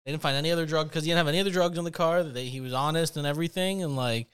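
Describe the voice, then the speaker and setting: A man's voice: fairly high pitch, very fast, fairly bright tone, clear, resonant tone. A young man casually telling a rambling story on a podcast, full of fillers and laughs. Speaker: podcast co-host.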